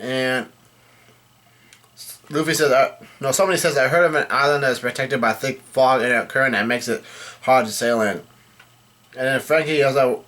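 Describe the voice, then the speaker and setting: A man's voice: medium pitch, fairly even intonation, fairly quick, a bit bright. A man casually reading a comic chapter aloud, voicing the quoted lines in his own plain voice and often correcting himself mid-sentence. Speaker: manga reader. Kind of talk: casual manga chapter read-through.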